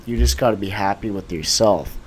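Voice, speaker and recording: Young man, somewhat low pitch, casual, affirming, profanity, bro-speak. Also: a little fast, a little hiss or hum, rough recording. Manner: affirming, swears casually, uses bro and dude. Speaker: podcast co-host. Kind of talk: casual chat.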